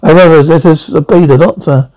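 A man's voice: on the high side, fairly even intonation, fairly quick, dark tone, no room sound, close to an everyday voice, rough recording. A man reading Travis, a blunt older explorer. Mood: insistent.

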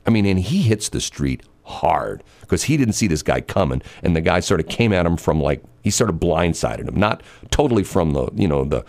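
Low gruff guy telling a story on a podcast, voice jumps around a lot, rambly. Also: very animated, moderate pace, few pauses, darkish tone. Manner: rambling, many fillers and restarts. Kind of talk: casual chat, storytelling.

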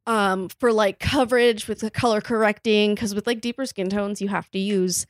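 A woman's voice: medium pitch, moderate pace, no echo, clean studio sound. Chatty young woman telling stories. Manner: chatty, animated storytelling. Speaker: makeup artist guest. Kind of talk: casual podcast chat.

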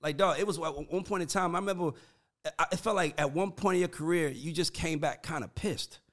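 A man in casual conversation, animated and profane, breaking into laughs as he talks. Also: a little high, fairly quick.

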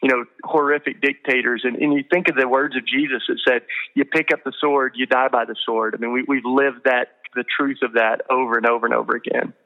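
A man's voice: mid-range voice, fairly even intonation, brisk, dull audio. A man being interviewed on a podcast, telling stories in an earnest, emotional way with many fillers and restarts. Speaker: guest. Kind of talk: storytelling interview talk.

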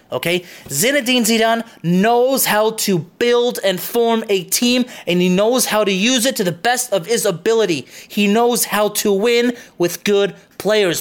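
A man's voice: sits high, fairly bright tone. A young man hosting his own soccer show, delivering an impassioned opinion monologue, emphatic and repetitive, stopping for "okay?" and swearing.

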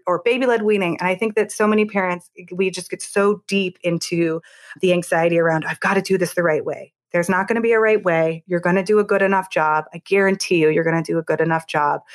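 A woman in her thirties, a podcast guest, talking earnestly and reassuringly in an interview, with quick asides and restarts. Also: on the low side. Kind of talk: conversational interview.

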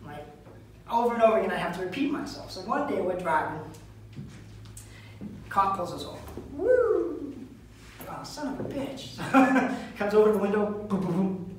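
A man's voice: sits high, brisk, long pauses, a little hiss or hum. A man from the telling profane stories in a stand-up comedy set at a live venue. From Lynn, Massachusetts. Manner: brash, profane storytelling. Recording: echoey venue from far off.

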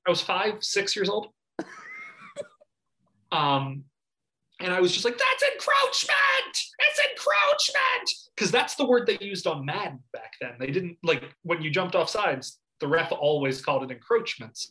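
A man in his thirties co-hosting a casual sports podcast, telling stories with lively shouted impressions. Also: fairly high pitch, measured pace. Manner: animated storyteller, bursts into shouted impressions. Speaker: podcast co-host. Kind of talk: casual chat.

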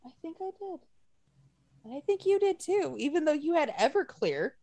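A woman's voice: high-pitched, normal speed, no echo. A woman co-hosting a casual chat, telling stories with lots of swearing and acted-out quotes. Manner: animated storytelling, swears a lot, acts out quotes.

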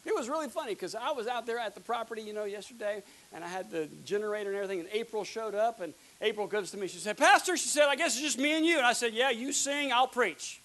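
A pastor man with a strikingly high, bright, forceful voice preaches in a folksy, energetic way. He breaks into loud, shouted bursts now and then, over a faint hiss. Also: fast, hardly any pauses, rough recording. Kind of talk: sermon.

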